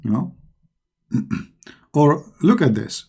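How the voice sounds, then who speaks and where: A middle-aged man talks through a scoffing monologue, heavy with sarcasm and loose, non-native grammar. His voice sits low in brightness, mellow and a little husky. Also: lively intonation, a little slow, long pauses. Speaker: online commentator. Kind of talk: mocking religious-critique monologue.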